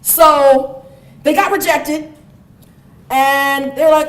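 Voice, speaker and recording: A high-pitched woman lectures to a room, her voice carrying a roomy, echoing hall sound. She tells her story in an animated, storytelling way and laughs often as she goes. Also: normal speed, distant mic. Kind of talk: university lecture.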